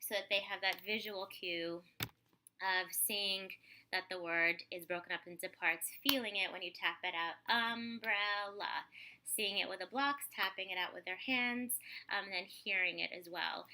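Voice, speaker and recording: A woman explaining speech therapy techniques to parents in a relaxed way, with many fillers, often stretching words out slowly to show their syllables. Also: mid-range voice, a little hiss or hum.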